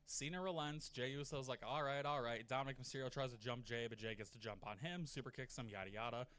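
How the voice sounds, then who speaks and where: Profane, animated man telling a story. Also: mid-range voice, fast talker. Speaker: narrator of a wrestling rebooking video. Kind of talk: casual scripted commentary.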